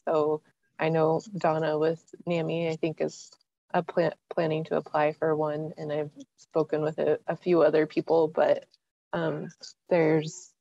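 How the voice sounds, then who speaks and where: A woman's voice: sits low, gravelly, a little mellow, dry recording. A woman nonprofit staff member giving a hesitant meeting update, with many fillers, over a video call. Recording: dull lo-fi call audio.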